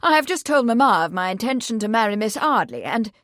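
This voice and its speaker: A woman reading an audiobook, voicing a confident young gentleman who speaks in a measured, formal way. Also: fairly high pitch, big pitch swings, no room sound, studio quality. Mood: stiff.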